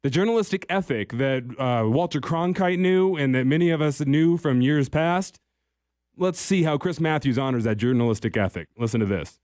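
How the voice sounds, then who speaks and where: A man's voice: a little high, moderate pace, a little mellow, dry recording. Male talk radio host, dry studio sound. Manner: conversational, emphatic, occasional restarts. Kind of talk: political talk radio commentary.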